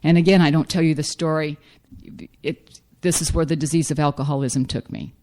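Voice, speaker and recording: A woman's voice: deep voice, steady tone, brisk, a little mellow. A middle-aged woman giving a frank, self-mocking personal recovery testimony as a speaker at a meeting.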